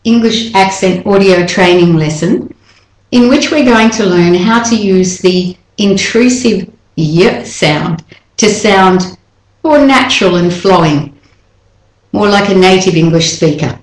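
A woman teaching an English pronunciation lesson, saying words slowly and repeating each one for the listener to copy. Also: mid-range voice, echoey room, rough recording.

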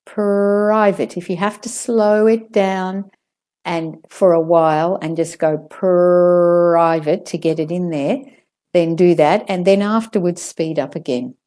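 A woman teaching English pronunciation, carefully modelling words and repeating them slowly. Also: lowish voice, warm tone. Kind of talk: pronunciation lesson.

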